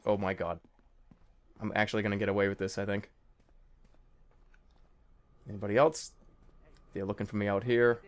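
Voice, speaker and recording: A young man commentating a stealth game he is playing, jittery and excitable, with nervous laughs and yelps. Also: fairly low pitch, brisk, pauses often. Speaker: gaming video host. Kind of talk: let's play commentary.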